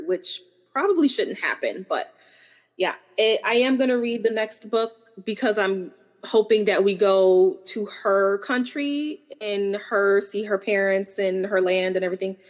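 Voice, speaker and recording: Chatty young woman book podcaster. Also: medium pitch. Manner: chatty, laughs at herself. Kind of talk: casual book chat.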